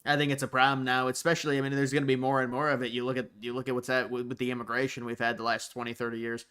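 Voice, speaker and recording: An American man hosts a casual livestream, answering chat messages as they come in. His voice has a bright edge, and he thinks out loud in loose, rambling commentary. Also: mid-range voice, little pitch movement, very fast, smooth. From United States. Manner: rambling, thinking aloud with frequent restarts. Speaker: livestream host.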